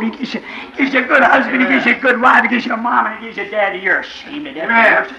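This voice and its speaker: A man preaching a sermon to a congregation, fervent, dropping to quiet asides and then crying out in shouts, with questions thrown to the listeners. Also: very high-pitched, fast talker, gravelly, hardly any pauses, low-quality recording.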